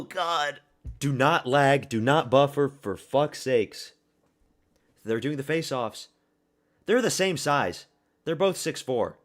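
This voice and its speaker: A man streaming a watch party, giving excitable, profane live reactions to a fight and often repeating himself. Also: mid-range voice.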